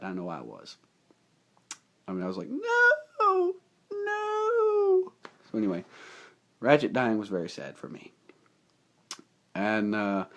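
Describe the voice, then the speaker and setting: Rambling, excitable young man. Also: lowish voice. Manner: enthusiastic, rambling, with many fillers. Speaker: movie reviewer. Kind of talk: casual spoken movie recap.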